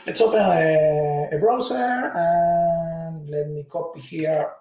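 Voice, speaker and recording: A man's voice: fairly high pitch, slow, mellow, lo-fi sound. A man in his forties from Latin America, giving an earnest conference talk full of personal stories. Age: 40s. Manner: earnest, anecdotal, non-native phrasing. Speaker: conference speaker. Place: conference room. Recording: echoey room, distant mic.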